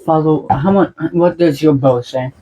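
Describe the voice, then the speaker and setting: A man's voice: a little high, normal speed, warm tone, slight background noise, poor audio. A man playing a tabletop game, asking about the rules and joking with friends. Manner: curious, asks questions about the rules. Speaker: player.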